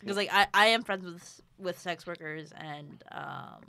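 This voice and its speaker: A woman's voice: fairly low pitch, a little slow, pushed and bright, clean tone, no room sound. A woman talking expressively in a casual group chat, rising sharply when she makes a point.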